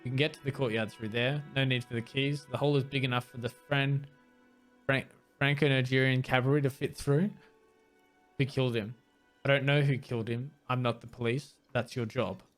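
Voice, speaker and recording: A man's voice: medium pitch, steady tone, fairly quick, soft background music. A man hosting a let's play, reading game dialogue aloud and breaking in with wry asides, sometimes tripping over hard words. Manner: reads text plainly, mixed with wry asides.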